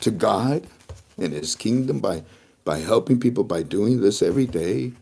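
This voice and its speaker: A man's voice: on the low side, lively intonation, moderate pace, creaky, warm tone, slightly rough. A man giving a rambling, emotional monologue to camera as a video blogger, often breaking into laughter.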